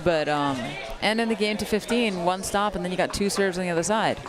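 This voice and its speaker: A woman's voice: on the low side, brisk. A woman who plays the sport giving chatty, analytical color commentary at an outdoor venue, laughing easily. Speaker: color commentator and pro player. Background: crowd.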